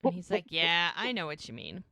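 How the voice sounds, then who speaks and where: A woman co-hosting a podcast, casually recapping a TV episode and acting out the characters' lines in quick voices. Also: fairly low pitch, big pitch swings, bright, forceful tone, no room sound. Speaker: podcast co-host.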